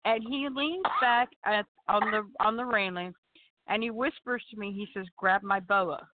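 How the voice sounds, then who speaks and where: A woman's voice: a little high, moderate pace, slight background noise. An older woman co-hosting a casual podcast, playful and chatty, telling stories. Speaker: podcast co-host. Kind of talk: casual chat. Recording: tinny phone-like line.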